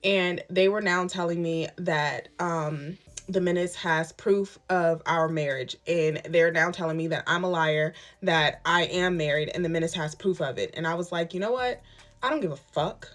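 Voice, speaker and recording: A woman's voice: on the low side, steady tone, moderate pace, fairly bright tone. A woman in her twenties, emphatic and candid, telling her own story in a storytime vlog and acting out what others said. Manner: emphatic and candid, retelling events with quoted dialogue.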